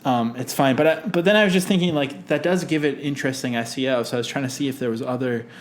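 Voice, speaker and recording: A man's voice: mid-range voice, fast talker. A man co-hosting a podcast, chatting casually and laughing easily. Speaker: podcast co-host. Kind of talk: casual chat.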